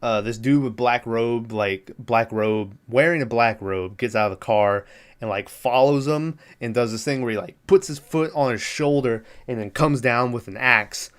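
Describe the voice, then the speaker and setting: A man's voice: mid-range voice, normal speed, clear, resonant tone. A male podcast host casually recapping a film, rambling with lots of fillers, laughing and acting out the characters' lines.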